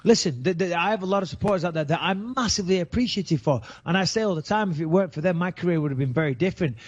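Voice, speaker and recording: A man's voice: sits high, very fast, dull audio. A man hosting a podcast, brash and profane in casual chat. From England. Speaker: podcast host.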